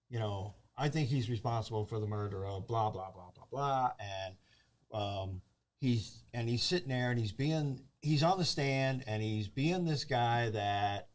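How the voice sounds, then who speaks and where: A man chatting casually as a movie reviewer, retelling a plot with lively acted-out quotes. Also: medium pitch, measured pace. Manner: animated storyteller acting out characters' lines.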